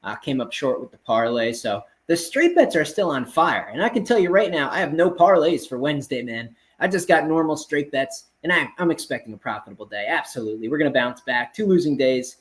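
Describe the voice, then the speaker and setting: A man's voice: fairly high pitch, animated, fairly quick, hardly any pauses, rough recording. A man hosting a casual betting picks show, running through games in a confident, blunt, brash way and often calling his listeners man. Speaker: sports betting picks host. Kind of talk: casual rapid-fire betting picks monologue.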